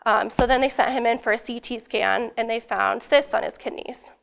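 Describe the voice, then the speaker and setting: A woman's voice: fairly high pitch, moderate pace, vocal fry, a bit bright. A young woman student giving a casual academic presentation, eager and full of fillers, her voice a little worn. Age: young adult. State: losing her voice.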